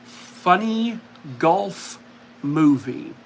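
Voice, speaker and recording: Male streamer, casual and self-mocking, slightly high voice, reads the chat. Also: sing-song, drawn-out words, creaky, a little hiss or hum. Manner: chatty, self-mocking, reacts to viewer comments. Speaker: livestream host.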